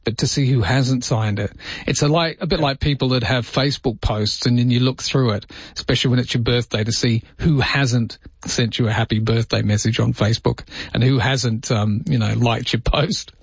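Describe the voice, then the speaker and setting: A chatty male radio host, working through listener texts on a late-night talkback show. His voice is a little husky and dry, and the broadcast sound is slightly dull. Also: medium pitch, moderate pace, dry recording. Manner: chatty, reads out listener texts and greets callers by name.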